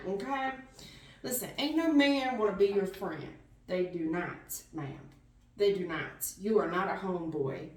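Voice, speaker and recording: A woman giving a blunt, slang-filled tarot reading straight to the viewer, casual and animated. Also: mid-range voice, roomy sound, recorded from a distance, slight background noise. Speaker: tarot reader.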